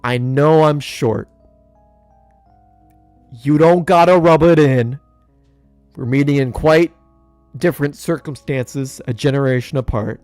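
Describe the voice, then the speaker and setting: A young man giving jokey commentary over a video game playthrough, talking to his characters with big swings in pitch. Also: unhurried, pauses often, a little mellow, no echo, soft background music. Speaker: gaming YouTuber.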